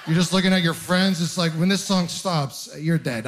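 Guy doing stand-up, kinda high voice, chatty and self-deprecating, rambles a bit. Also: moderate pace, hardly any pauses, background noise. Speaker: stand-up comedian. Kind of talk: stand-up routine. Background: audience laughter.

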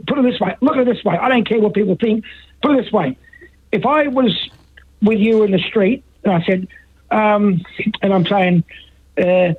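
A man's voice: high voice, moderate pace, husky. An Australian man calling in to a talkback radio show, talking in a rambling, repetitive and emphatic way. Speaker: caller. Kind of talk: talkback radio phone call. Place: phone call into a radio show. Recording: dull lo-fi phone line.

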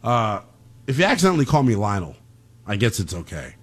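Animated man hosting sports radio. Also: on the low side, brisk. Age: young adult. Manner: animated, ranting, slangy. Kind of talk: call-in sports radio talk.

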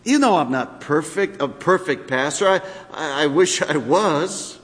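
A man preaching a sermon as pastor, animated, with sudden drops into quiet, personal asides. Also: a little high, a little slow. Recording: long hall reverb.

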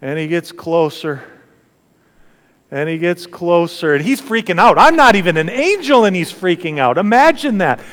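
A male pastor preaching a sermon, telling the story dramatically with repeated phrases, moving from fervent to hushed. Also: high-pitched, very animated, normal speed. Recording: long reverb in a large hall.

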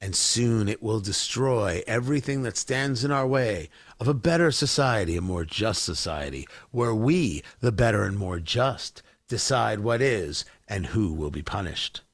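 A man voicing a scheming male revolutionary ringleader in a low, slow, menacing murmur. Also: expressive, no room sound. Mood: gloating.

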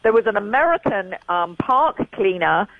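A woman's voice: medium pitch, expressive, moderate pace, no room sound, phone-quality sound. A woman in her sixties with an English accent, giving an interview as a guest and repeating her points for emphasis. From England. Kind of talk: remote interview.

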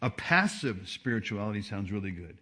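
A man preaching a sermon as a pastor, with animated delivery that swings between soft asides and emphatic peaks. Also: on the low side, brisk. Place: church service.

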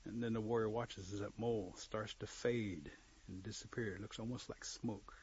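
A man telling a folk tale to listeners, lively, acting out the scenes and joking aside. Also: lowish voice, moderate pace, a little hiss or hum. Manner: lively, acts out voices, aside jokes. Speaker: storyteller. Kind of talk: oral folk storytelling. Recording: dull lo-fi recording.

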